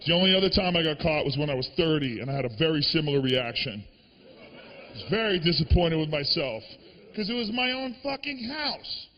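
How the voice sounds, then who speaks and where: A man from the Boston area performing a stand-up comedy set, telling stories in an animated, profane way. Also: a little high, fairly quick, in a large hall, highs cut off.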